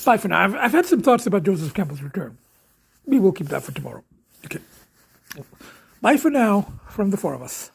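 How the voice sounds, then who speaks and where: A man talking casually to camera in a vlog, halting and trailing off, often dropping to a near whisper. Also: high-pitched, very animated, gravelly, husky. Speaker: vlogger.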